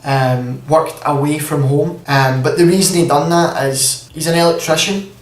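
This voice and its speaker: A man's voice: fairly high pitch, fairly even intonation, moderate pace, echoey room, distant mic, rough recording. A man in his twenties with a Scottish accent, chatting casually through a Q&A vlog from home with lots of fillers. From Scotland. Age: 20s. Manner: chatty, rambling, many fillers. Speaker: YouTube gaming channel host. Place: room at home at night. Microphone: camera on tripod.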